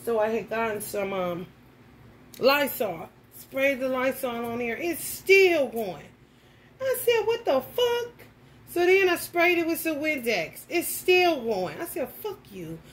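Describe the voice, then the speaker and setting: Animated profane woman tarot vlogger. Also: sits high, unhurried, a little hiss or hum. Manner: animated, profane, laughs while telling stories. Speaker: tarot reader. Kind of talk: casual vlog storytelling.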